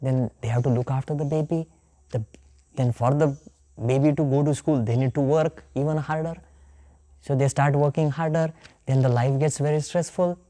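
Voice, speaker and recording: Indian woman teacher, low mellow voice, lively storytelling lecture. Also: moderate pace. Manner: animated storytelling, acting out the characters' voices. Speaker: yoga and scripture teacher.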